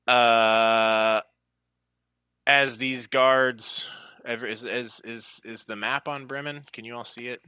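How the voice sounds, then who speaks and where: A man's voice: medium pitch, bright, forceful tone, dry recording. A man serving as game master, recapping the last session of a tabletop game with frequent fillers.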